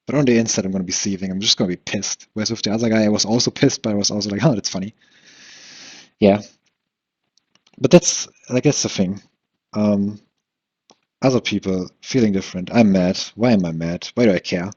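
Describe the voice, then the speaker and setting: A man's voice: fairly low pitch, a little fast, long pauses, a little mellow, husky. A man hosting a solo podcast, rambling through a frustrated, self-questioning monologue full of restarts and short laughs. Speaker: podcast host. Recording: dull lo-fi recording.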